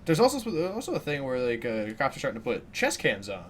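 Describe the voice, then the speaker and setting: A man's voice: mid-range voice, wildly swooping pitch, fast, a little hiss or hum. A young man co-hosting a casual chat, joking bluntly and swearing freely. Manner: blunt, joking, profane banter. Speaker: podcast co-host.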